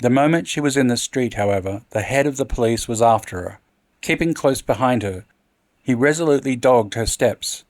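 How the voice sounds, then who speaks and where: Expressive male storyteller for a horror reading, no room echo. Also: medium pitch, normal speed. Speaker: narrator.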